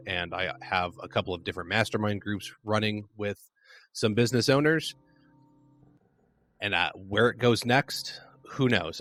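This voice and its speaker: A man's voice: on the low side, fairly bright tone. An American man from Arizona with a mostly neutral accent and a slight Chicago twinge, chatting casually as a podcast guest, with lots of "like" fillers and restarts. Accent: near-neutral American with a slight Chicago twinge. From Arizona, United States. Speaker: podcast guest, flooring business owner. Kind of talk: casual conversation.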